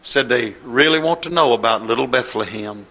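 A man's voice: medium pitch, normal speed, sharp tone. A man preaching a sermon with an impassioned, rising and falling cadence.

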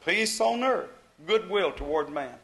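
A man's voice: high voice, lively intonation, measured pace, pushed and bright. A man preaching a sermon in a folksy, emphatic way, repeating phrases to drive them home.

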